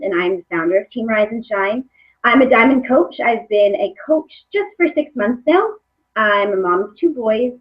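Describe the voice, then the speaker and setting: Hesitant woman on dull webinar audio. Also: a little high. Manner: warm, hesitant with many fillers. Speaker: webinar host, coach. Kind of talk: casual live webinar talk.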